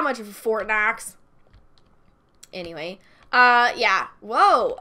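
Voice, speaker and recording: A woman's voice: fairly high pitch, animated, slow pace, long pauses, bright, forceful tone. A young woman chatting casually as she plays and comments on a game, bubbly and talkative. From United States. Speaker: Minecraft let's-play host.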